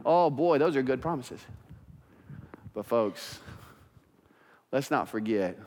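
A man preaching a sermon as pastor, swinging from quiet, intimate stretches to loud, fired-up passages. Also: medium pitch, expressive, slow pace, big-room sound, slight background noise.

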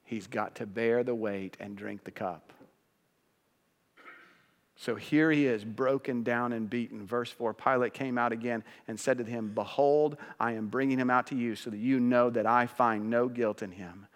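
A male pastor preaching a sermon, shifting from hushed, low passages to loud, high-pitched peaks. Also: steady tone, normal speed. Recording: long hall reverb.

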